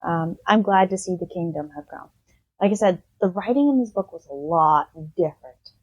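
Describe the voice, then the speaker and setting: A woman's voice: on the low side, normal speed, dry recording, muffled recording. A woman hosting a casual book review podcast, rambling with lots of "um" and "like" as she retells the plot. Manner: rambling, full of "um" and "like", animated retelling.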